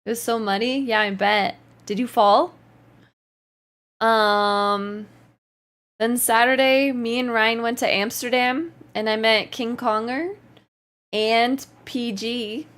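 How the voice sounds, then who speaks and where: A woman's voice: a little high, steady tone, slow, a bit bright. A woman livestreamer chatting casually, reading out and answering her chat while often laughing. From Canada.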